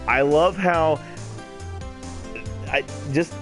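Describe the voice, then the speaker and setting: A man's voice: mid-range voice, steady tone, moderate pace, long pauses. A man hosting a let's play, reading a game aloud and breaking off into amused, casual commentary with some swearing. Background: background music.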